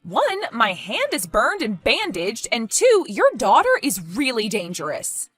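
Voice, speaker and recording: A woman voicing an anxious young woman babysitting her boyfriend's daughter, pleading and quick to raise her voice in an animated story. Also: a little high, breathy edge, soft background music, heavily acted. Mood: exasperated. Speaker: stepmother-to-be left babysitting.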